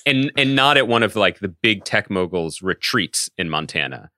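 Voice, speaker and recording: A man's voice: fairly low pitch, normal speed, no room sound, clean studio sound. A man co-hosting a podcast, chatting casually and riffing with jokes. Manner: joking, animated riffs. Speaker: podcast co-host. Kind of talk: casual chat.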